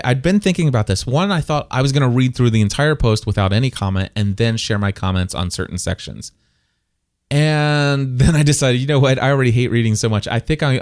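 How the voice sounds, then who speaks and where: A chatty man hosting a solo podcast, talking casually and wandering into side comments. His voice sits at an ordinary middle pitch. The sound is dry and close, with no room echo. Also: a little mellow. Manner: chatty and digressive, often breaking off to comment. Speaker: podcast host.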